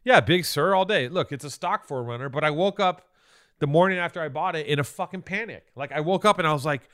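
A man's voice: fairly high pitch, quick pace, fairly bright tone. A man co-hosting a podcast, telling a long story in casual chat, swearing often and restarting his sentences. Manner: rambling, profane storytelling with many restarts. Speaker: podcast co-host.

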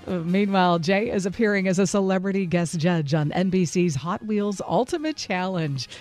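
A woman's voice: fairly low pitch, normal speed, a little mellow, faint music behind. A woman hosting a radio show, chatting through entertainment news and quizzing her co-host. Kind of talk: casual entertainment news chat.

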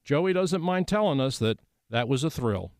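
Radio cohost guy with a higher voice reading an intro, dry studio. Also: expressive, moderate pace, darkish tone, no room sound. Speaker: co-host.

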